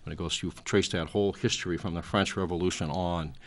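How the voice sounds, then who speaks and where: A man's voice: deep voice, steady tone, quick pace. A man in his sixties, a talk show guest, lecturing at length in a rambling way with many fillers. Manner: frequent fillers, trailing off.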